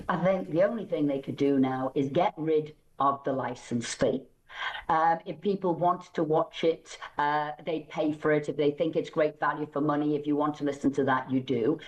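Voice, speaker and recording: A middle-aged woman speaks as a politician guest on a radio show, with a lowish voice. She argues firmly and emphatically, her pitch jumping up on key points. She sits some way off the microphone. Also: recorded from a distance, lo-fi sound. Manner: firm, emphatic, with lively rises. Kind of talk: studio interview.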